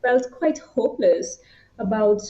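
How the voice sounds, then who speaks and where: A woman's voice: a little high, animated, a little slow, dark tone. A young woman from India telling her personal story as an interview guest, reflective and hesitant. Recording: roomy, slightly muffled.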